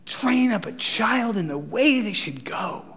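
A middle-aged man preaching a sermon, animated, acting out quoted voices and laughing at his own jokes. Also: sits high, measured pace. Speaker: pastor.

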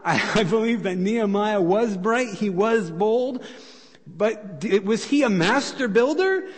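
A male pastor preaching a sermon in a conversational way, asking his listeners rhetorical questions, in a church sanctuary. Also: high voice. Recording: long reverb of a church hall.

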